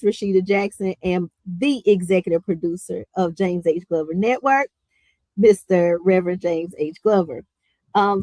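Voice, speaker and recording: A woman's voice: mid-range voice, a little mellow, no echo, poor audio. A woman hosting a podcast, talking in an upbeat, chatty way. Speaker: podcast host. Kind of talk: casual podcast chat.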